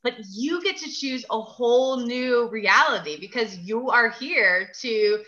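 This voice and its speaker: A woman's voice: a little high, expressive, measured pace, sharp tone, lo-fi sound. A woman guest in a casual chat, speaking dreamily and filling nearly every phrase with "like.". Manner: dreamy, filler-heavy, says "like" constantly.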